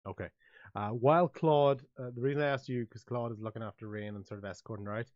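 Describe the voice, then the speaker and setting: A man's voice: mid-range voice, steady tone, fast talker, no echo, highs cut off. Hesitant man running a tabletop game. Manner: hesitant, full of fillers. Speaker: game master.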